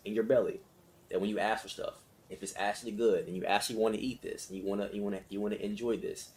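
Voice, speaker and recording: Low-voiced man talking through a lesson. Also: a little mellow. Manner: conversational, repetitive, with frequent check-ins; laughs between phrases. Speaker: self-help study leader. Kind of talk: casual explanation and guided meditation.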